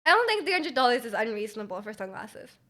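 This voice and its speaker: A woman's voice: a little high, big pitch swings, fast, bright, forceful tone. A young Canadian woman streaming live, chatting casually with her viewers, giggling and rambling with many restarts.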